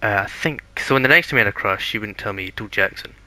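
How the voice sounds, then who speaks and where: A man's voice: fairly low pitch, expressive, fast, sharp tone, rough recording. A young man from Scotland, co-hosting a podcast in casual chat, rambling and correcting himself as he goes. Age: young adult. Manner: rambling, self-correcting, frequent restarts. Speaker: podcast co-host.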